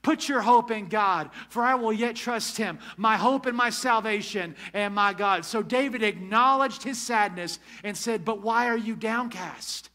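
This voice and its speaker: A man's voice: high-pitched, unhurried, hardly any pauses, sharp tone. A male pastor preaching a sermon to his congregation, emphatic, often asking if they are with him. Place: church sanctuary.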